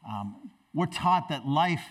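A pastor in a church, preaching a sermon with animated, dramatic storytelling. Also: male voice, fairly high pitch, takes it slowly, recorded from a distance.

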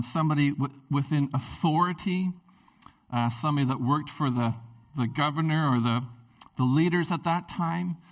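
A man preaching a casual, jokey sermon as a pastor, his voice jumping up to high excited peaks and dropping back to chatty asides. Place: church.

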